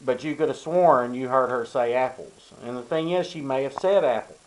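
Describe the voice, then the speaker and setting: Talking to the camera at normal speed, this older Arkansas vlogger gives young men loose, meandering advice, dropping plenty of ums and you-knows. He has a mid-range voice, and the poor audio carries a little hiss or hum.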